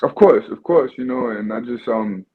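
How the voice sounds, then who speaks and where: A man's voice: medium pitch, normal speed, husky. A man in his twenties with a New York accent, talking earnestly over a phone in a remote interview, often saying "you know". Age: 20s. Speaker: guest boxer. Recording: tinny phone line.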